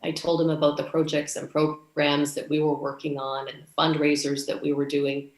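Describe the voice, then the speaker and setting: A woman's voice: low-pitched, flat delivery, moderate pace, roomy sound. A woman from Canada giving a conference speech, telling a story and acting out the dialogue. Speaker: conference speaker.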